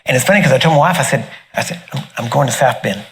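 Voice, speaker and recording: A middle-aged man tells a personal story in a loose, animated way. His voice sits at an ordinary middle pitch, and he laughs often as he acts out the voices of the people in it. A faint background hiss runs under the recording. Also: fast. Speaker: minister sharing a testimony. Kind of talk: casual storytelling testimony.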